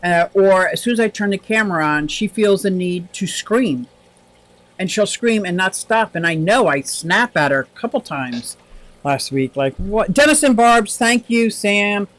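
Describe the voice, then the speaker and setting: A man with a high-pitched voice talks casually on a livestream. He rambles from topic to topic, reads out viewer comments and laughs easily. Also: lively intonation, measured pace, a bit bright, low-quality recording. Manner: chatty and rambling, laughs often. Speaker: aquarium livestream host.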